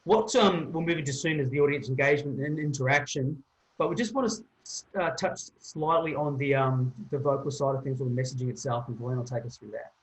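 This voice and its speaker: A man with an Australian accent coaching a webinar on body language over a video call, talking quickly with frequent restarts. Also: mid-range voice, rough recording. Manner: quick, with many fillers and restarts. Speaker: presentation coach. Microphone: computer mic on a video call.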